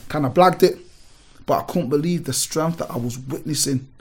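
A man, a gym owner telling stories in an animated, emphatic way full of street on a casual podcast. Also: on the high side, moderate pace, breathy edge. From Britain. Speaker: gym owner and powerlifting guest.

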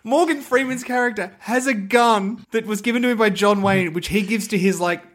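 A man, co-hosting a casual film discussion, animated and laughing as he recounts a movie's plot. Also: high-pitched, fairly quick. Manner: animated, laughing, reads plot synopsis aloud. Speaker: podcast co-host.

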